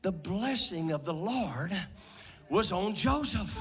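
A man preaching a sermon in a church with a nasal voice, preaching emphatically and urging the crowd to shout back. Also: high voice, very animated, takes it slowly, soft background music. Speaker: pastor.

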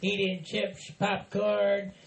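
A man's voice: sits high, monotone, slow, gravelly, a little hiss or hum. A man hosting a casual podcast in a folksy hillbilly persona, rambling and teasing. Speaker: podcast host. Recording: roomy echo with faint music.

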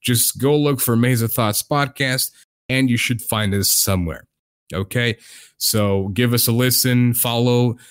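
A man's voice: medium pitch, a little slow, smooth. A young man hosting a casual podcast, rambling and hesitant with plenty of fillers. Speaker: podcast host.

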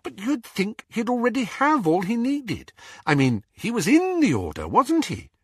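A man's voice: high-pitched, wildly swooping pitch, normal speed, slightly rough, dry recording, voice pushed up, full character voice. A man voicing an anxious, bossy teenage witch girl who talks in a breathless, urgent way. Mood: probing.

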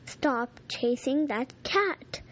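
A woman's voice: sits high, animated, drawn-out words, fairly bright tone, heavily acted, low-quality recording. A woman reading the lines of a bossy but kind young girl in a storybook, firm and instructive.

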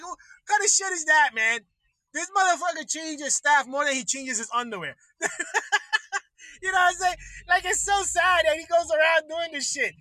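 A man's voice: very high voice, sharp tone, no echo, low-quality recording. Male livestream host, casual rant, swears a lot, dry close-miked sound. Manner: profane, rambling, laughs often.

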